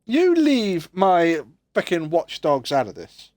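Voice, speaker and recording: A man's voice: high-pitched, huge pitch swings, takes it slowly, darkish tone, dry recording. A man streaming a game, chatting casually with friends and joking around. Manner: joking, laughs a lot, tells dad jokes. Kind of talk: casual gaming chat with friends.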